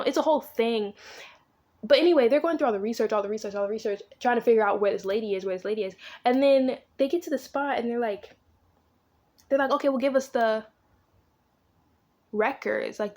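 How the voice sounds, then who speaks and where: Casual book vlogger, a woman with AAVE, animated and profane, voices the characters as she recaps. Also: mid-range voice. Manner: animated, swears freely, acts out characters' lines.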